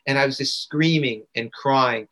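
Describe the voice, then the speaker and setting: The guest, an integration coach, talks in an unhurried way with a sharp tone at a medium pitch. Interviewed on a podcast, he tells a personal story earnestly, repeating phrases to stress them.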